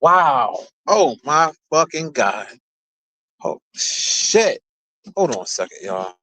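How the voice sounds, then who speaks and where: A man's voice: medium pitch, sing-song, unhurried, sharp tone, dry recording. A young man rambling to his viewers in a car, cursing freely and talking straight to them between stretches of driving. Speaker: streamer. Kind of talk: casual rambling chat while driving.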